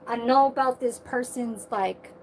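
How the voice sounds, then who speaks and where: A woman's voice: a little high, unhurried, slight background noise. Profane ranting woman on a livestream. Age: 30s. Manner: heated, profane, repetitive.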